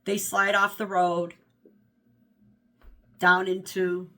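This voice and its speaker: A woman in her fifties chatting casually about her favorite books, rambling and animated, correcting herself as she goes. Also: fairly low pitch, takes it slowly. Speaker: book vlogger. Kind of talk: casual book review chat.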